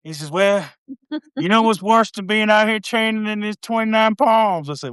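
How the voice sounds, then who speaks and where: Bright, high-voiced joking man. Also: expressive, clean tone, no room sound, clean studio sound. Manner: joking, quick, chatty. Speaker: military veteran guest. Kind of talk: casual joke-telling chat. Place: live video call.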